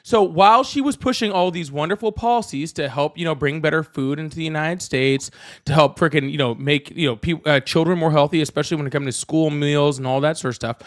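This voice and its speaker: A man's voice: on the high side, a little fast. A man debating live, insistent and sarcastic, pressing his point over interruptions.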